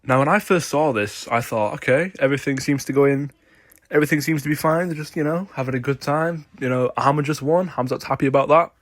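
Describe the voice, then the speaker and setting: A man's voice: mid-range voice, brisk, a faint crowd, slight background noise. A man giving opinionated sports commentary, emphatic and insistent as he argues his case.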